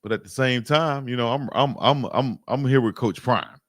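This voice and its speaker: A man's voice: mid-range voice, normal speed, no room sound, studio quality. A man in his forties hosting a live sports stream, talking casually and emphatically in slangy commentary that keeps repeating itself.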